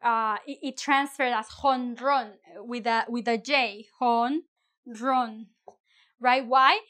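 Woman teacher, bright tone, playful chatty delivery, lots of fillers. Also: a little high, steady tone, measured pace. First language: Spanish. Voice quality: chatty, many fillers and restarts, playful asides. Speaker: Spanish teacher. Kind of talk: casual online language lesson.

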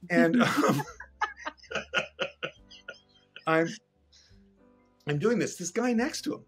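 A man's voice: high voice, very animated, extremely slow, husky, soft background music. A middle-aged man, a guest animator and director, telling an anecdote casually and animatedly, acting out scenes and swearing freely.

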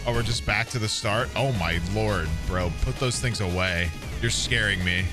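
A young man giving excitable, swearing reactions while playing a game. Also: fairly low pitch, normal speed. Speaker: gaming streamer. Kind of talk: casual game commentary. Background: game music.

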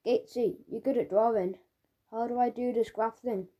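A woman's voice: fairly high pitch, fairly even intonation, normal speed, natural voice. A woman voicing a sly schoolboy bully who teases and hands out nicknames, in an audiobook reading. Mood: teasing. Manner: sly, teasing, leaning in with loud whispers. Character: boy bully who gives everyone nicknames.

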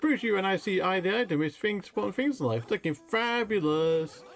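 Sassy female giraffe fashionista, game figure; a man reads her lines, lively pitch, slightly high. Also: brisk, creaky, slight background noise. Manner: reading game text aloud with flair.

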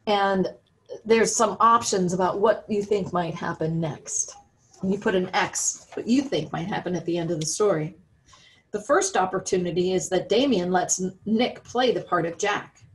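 A woman's voice: mid-range voice, a little hiss or hum, low-quality recording. An American woman in her role as a religious education teacher, reading a story to children. She tells it expressively and keeps stopping to ask her listeners how they would feel.

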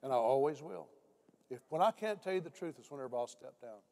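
Older preacher with a raised, ringing pitch. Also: male voice, expressive, fairly quick, dark tone. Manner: storytelling preacher, voice drops low for quoted speech. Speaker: pastor. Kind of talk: sermon. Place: church sanctuary.

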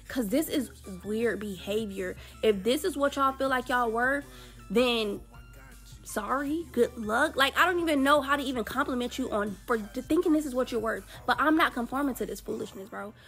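A woman's voice: on the high side, vocal fry, a bit bright. A woman giving a blunt, exasperated political commentary rant in casual slang.

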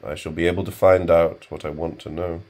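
A man's voice: low voice, little pitch movement, fairly quick, darkish tone. A man doing a cold, weary professor. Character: weary, stern middle-aged male professor.

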